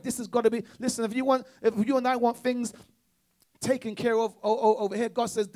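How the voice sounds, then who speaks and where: A man's voice: very high-pitched, flat delivery, fast, a little mellow. A man preaching a sermon with call-and-response exhortations, often restarting his words in repetitive bursts.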